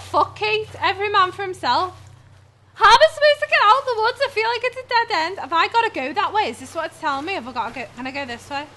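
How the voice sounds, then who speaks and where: Casting: woman, very high bright voice, skittish horror-game commentary, swears and yelps. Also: expressive, fairly quick. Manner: jumpy, swears and screams at scares. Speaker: gamer. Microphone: headset.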